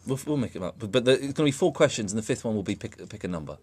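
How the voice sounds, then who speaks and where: A man's voice: on the low side, lively intonation, rapid-fire, a little mellow, husky. A man hosting a radio show, chatting jokily in the studio with many restarts. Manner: joking, rambling with restarts. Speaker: radio host. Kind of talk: casual studio chat.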